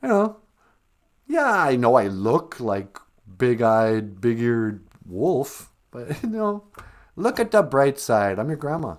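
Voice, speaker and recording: A man's voice: medium pitch, very animated, slow pace. A man voicing a big bad wolf who is posing as a grandmother, speaking in a mock-sweet, sly way. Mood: coaxing.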